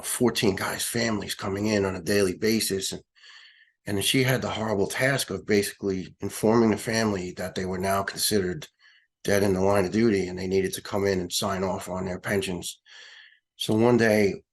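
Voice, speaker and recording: A middle-aged man with a New York accent, a retired fire lieutenant telling a personal story in an interview, halting and emotional with many restarts. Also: sits low. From United States.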